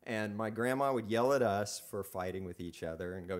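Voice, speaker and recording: A man with a fairly low voice tells a story live from a club stage. He is chatty and self-mocking, often stumbling and restarting his sentences as he goes. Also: fairly even intonation, moderate pace.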